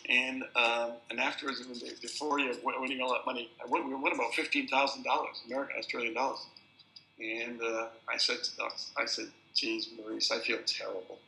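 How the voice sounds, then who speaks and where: An older man, a film director, speaks quickly in a medium pitch while telling anecdotes to introduce a festival screening. Lively, he tends to repeat words at restarts, and the venue gives the audio a roomy, hall-like sound.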